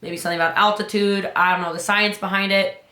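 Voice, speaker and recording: A woman business coach giving an urgent motivational talk, her voice climbing high on key points. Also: steady tone, quick pace, sharp tone, echoey room.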